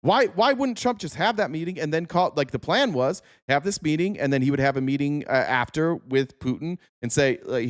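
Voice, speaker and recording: A man's voice: a little high, normal speed, hardly any pauses. A man hosting a political podcast, ranting sarcastically and swearing, reading out chat comments between points. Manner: animated, profane, sarcastic ranting. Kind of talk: casual political talk.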